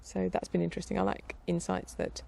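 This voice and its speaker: A woman's voice: on the low side, very animated, brisk, creaky, darkish tone. A middle-aged woman rambling casually as a podcast host, chatty and meandering. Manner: chatty, meandering, with frequent restarts and laughs.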